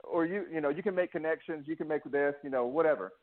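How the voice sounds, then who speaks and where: A man's voice: a little high, fast talker. Man telling his story over a phone line. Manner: emotional, restless, many restarts and acted-out quotes. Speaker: interview guest. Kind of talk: candid personal storytelling.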